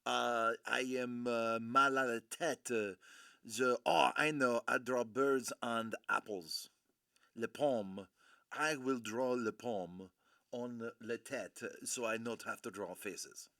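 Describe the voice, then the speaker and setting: A man voicing a fretful male French painter in a mock French accent, halting and flustered in broken English. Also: medium pitch, gravelly, sharp tone, dry recording, clean studio sound, voice pushed down, heavily acted.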